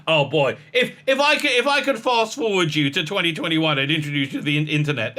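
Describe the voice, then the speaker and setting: Animated rambling man reading an article aloud. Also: on the high side, fast, hardly any pauses. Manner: rambling, many fillers and restarts, frequent laughs. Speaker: commentary host. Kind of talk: casual reaction commentary reading an article.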